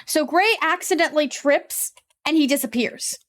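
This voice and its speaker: A woman narrating a tabletop game as game master, chatty and given to quick asides. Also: sits high, fairly bright tone.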